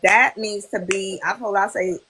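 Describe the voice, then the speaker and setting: A woman's voice: medium pitch, moderate pace, crowd noise, poor audio. A woman in her thirties chatting as a podcast guest, telling stories and acting out quoted voices. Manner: animated storyteller, quoting others in lively voices. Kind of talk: casual podcast chat.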